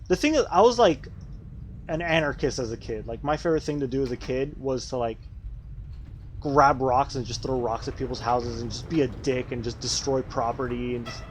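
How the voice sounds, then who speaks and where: With slight background noise, a medium-pitched man streams a game and chats casually with his viewers. His talk is rambling and profane, directed at chat while he plays.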